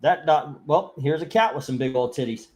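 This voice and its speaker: A man's voice: fairly high pitch, normal speed, a little mellow, slight background noise. A man hosting a live comic book auction stream, chatting casually in a rambling, joking way and reading out viewer comments. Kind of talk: casual livestream chat.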